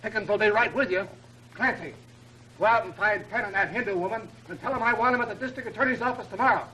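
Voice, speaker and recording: An actor in a 1930s film playing a gruff, bossy police inspector who barks orders. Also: male voice, high voice, quick pace, pushed and bright, rough recording. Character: brash, wisecracking police inspector. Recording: old film soundtrack with faint noise.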